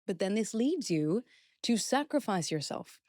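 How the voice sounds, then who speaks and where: A woman appears as a guest expert on a podcast, earnestly walking through steps and acting out example phrases. Her mid-range voice is sing-song and darkish, her pace measured, and the recording is dry with clean studio sound.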